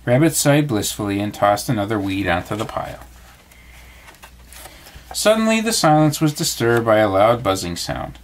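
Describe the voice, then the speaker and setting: A man reads a bedtime storybook aloud to his child in an expressive storytelling voice. His pitch moves in lively swings, rising and falling through each sentence. The reading is warm-paced and animated.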